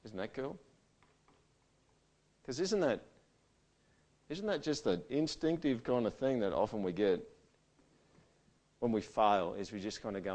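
A man preaching a sermon to a church gathering. He talks conversationally and swings between loud emphasis and quiet, intimate passages. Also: mid-range voice, animated, a little slow, long pauses. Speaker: pastor.

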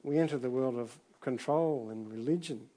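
A middle-aged man preaching a sermon in a relaxed, conversational way, full of restarts and asides. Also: mid-range voice, moderate pace. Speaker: pastor.

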